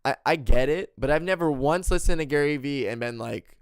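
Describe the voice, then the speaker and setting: A man's voice: medium pitch, fast, few pauses, dry recording, studio quality. A man hosting a podcast, ranting casually and swearing often. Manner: profane, ranting, animated. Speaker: podcast host.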